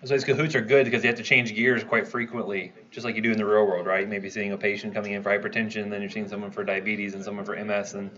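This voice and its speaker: A man's voice: on the low side, little pitch movement, rapid-fire, few pauses, bright, forceful tone, dull audio. A man teaching a pharmacology review class, quizzing students and checking in with "right?" as he goes. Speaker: pharmacology instructor. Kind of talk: review lecture.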